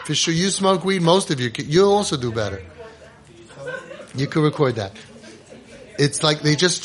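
A man's voice: on the high side, lively intonation, a bit bright. A man with a somewhat raised voice lectures parents casually as a parenting coach. He presses his points emphatically, repeating and restarting himself. He slips into short acted exchanges between parents and their kids. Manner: emphatic and repetitive, with many restarts and quick asides.

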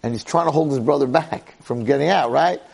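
A man giving an animated storytelling Torah lecture, repeating phrases and checking in with the listeners. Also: mid-range voice, brisk, gravelly, slightly rough.

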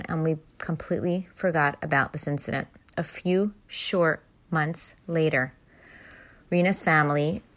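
Woman, low voice, earnest storyteller, heartfelt and emphatic. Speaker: inspirational storyteller addressing women. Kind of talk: personal testimony story.

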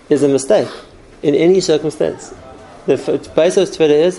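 Gravelly-voiced man teaching a Torah class. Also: a little high, moderate pace, mellow, rough recording. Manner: earnest, explanatory, uses numbered points.

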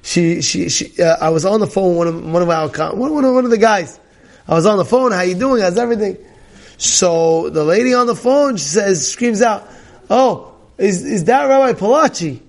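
Man, rabbi, Torah class, fairly high voice, animated storytelling, laughs often. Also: brisk, gravelly. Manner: animated storytelling, many repetitions; laughs often while talking.

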